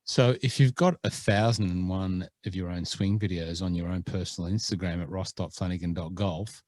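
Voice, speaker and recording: A man's voice: deep voice, fairly even intonation, moderate pace, darkish tone. A Scottish-born man with an Australian accent, co-hosting a casual podcast and rambling through his points with many fillers and restarts. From Scotland. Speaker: podcast co-host. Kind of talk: casual chat.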